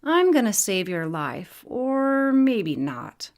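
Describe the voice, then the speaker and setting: A woman's voice: mid-range voice, sing-song, slow, voice pushed up. A woman voicing a kind, teasing female healing fairy in a storybook reading. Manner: gentle and teasing.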